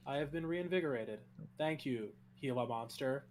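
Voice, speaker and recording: A man voicing an emotionless adventurer who speaks in a flat monotone, but not a robotic one. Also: medium pitch, normal speed, slight background noise, close to an everyday voice. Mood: deadpan.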